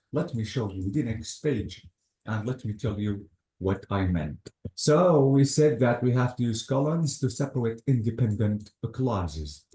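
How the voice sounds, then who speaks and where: This is a patient English teacher running a lesson, his lowish voice mellow as he lays out grammar rules. He goes through examples methodically and keeps repeating his cue words. The room carries a lot of echo.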